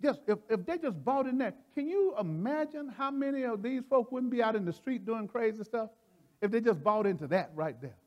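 Guy preaching with a real high voice, folksy and fired up, laughs a lot, keeps repeating himself. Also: brisk, highs cut off. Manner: folksy, excitable, laughs often, repeats phrases. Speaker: preacher leading a Bible study. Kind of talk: animated sermon teaching.

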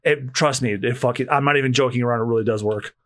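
A man's voice: mid-range voice, fast, fairly bright tone. A man hosting a podcast, reading comic pages aloud, acting out lines and swearing casually. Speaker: podcast host. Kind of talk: casual read-along of a comic.

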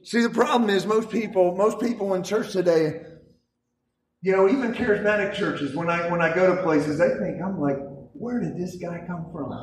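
High-voiced fiery preacher in echoey hall. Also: male voice, moderate pace, recorded from a distance. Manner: emphatic, rousing, with repeated restarts. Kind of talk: fiery charismatic sermon.

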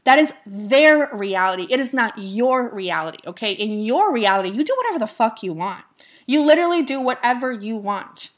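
A young woman with a somewhat high voice coaches her followers on manifestation in a casual motivational talk. She is blunt and cocky, and she swears freely as she drives her points home. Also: fairly bright tone.

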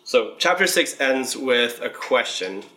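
A man's voice: medium pitch, expressive, a little slow, pushed and bright, rough recording. Man teaching the Bible casually. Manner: conversational, asks "right?" often, reads scripture aloud.

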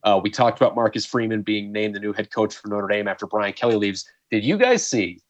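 A man's voice: fairly low pitch, brisk, dry recording. A man co-hosting a podcast, chatting casually about college football and often breaking into laughter and disbelief. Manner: animated, laughing, exclaims in disbelief. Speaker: podcast co-host. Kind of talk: casual sports chat. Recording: dull, slightly lo-fi dry sound.

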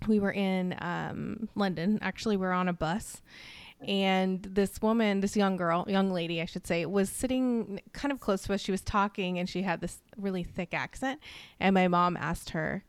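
American woman podcast host telling a story, smooth clear voice, dry close sound. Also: medium pitch, normal speed, no echo. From United States. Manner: chatty storyteller, animated when quoting others. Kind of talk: casual conversation.

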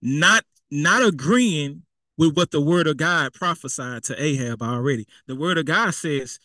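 A man's voice: on the high side, unhurried, sharp tone, no echo. A man preaching a sermon in a casual, conversational way, repeating himself and throwing in asides. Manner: conversational and repetitive, with spoken asides.

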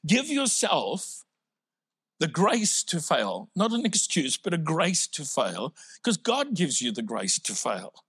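Brief: South African man, pastor, slightly higher voice, chatty humorous sermon, dry sound. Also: wildly swooping pitch, slow pace, fairly bright tone, husky, no echo. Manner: conversational, humorous preaching.

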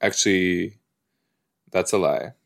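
Slow-talking low-voiced man chatting. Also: vocal fry. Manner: chatty, rambling, lots of "like" and "you know". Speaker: podcast host. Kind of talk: casual watch-along commentary.

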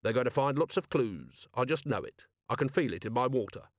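A man reading an audiobook, voicing a weary, sardonic middle-aged male watch commander with a dry, even delivery. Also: mid-range voice, a little fast, no room sound.

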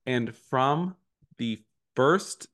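A man's voice: medium pitch, animated, extremely slow, fairly bright tone. A man co-hosting a podcast in casual chat, self-deprecating and laughing often. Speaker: podcast co-host.

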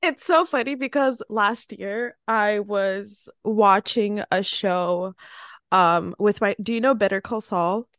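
A woman podcast host in casual interview chat, chatty and animated, laughing often as she tells stories. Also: medium pitch, slow, no echo, clean studio sound.

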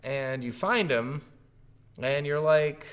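A man's voice: fairly high pitch, slow pace, a bit bright. A man in casual chat about a video game, rambling and swearing often, acting out quotes as he goes. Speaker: co-host discussing a video game.

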